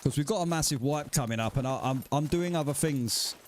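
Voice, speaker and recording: A man's voice: a little high, a little fast, a little hiss or hum. A man streaming a survival game live and chatting casually with his viewers in swearing banter. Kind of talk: casual livestream chat.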